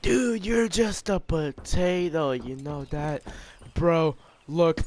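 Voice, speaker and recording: A man's voice: fairly high pitch, takes it slowly, darkish tone, slight background noise. A man trash-talking an opponent over online game chat, mocking and insulting. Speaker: online gamer.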